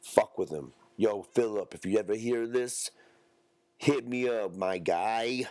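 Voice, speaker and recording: A man rants alone into a close podcast mic, his voice sitting fairly low. He rambles from one thought to the next in profane, slangy street talk. The recording is dry and close, with no room sound. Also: slow, a little mellow, dry recording. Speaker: podcast host. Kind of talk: solo podcast rant.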